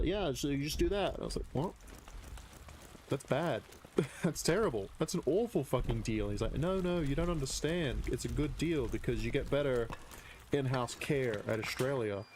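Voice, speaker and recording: A man's voice: mid-range voice, expressive, unhurried, music in the background. A man live streaming, casually telling a story while gaming, rambling and swearing a lot.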